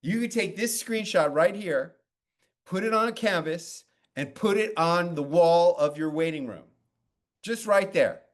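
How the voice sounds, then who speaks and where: A man with a fairly high voice coaches a guest on how to use her TV clips. He is blunt and animated and drops casual swear words into a long story about his past. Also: unhurried. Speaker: media coach.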